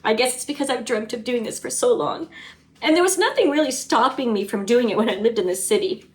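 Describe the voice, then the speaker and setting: Woman homestead vlogger, slightly high voice, earnest and emotional, casual chat at home. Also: animated, brisk. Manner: earnest, openly emotional and chatty.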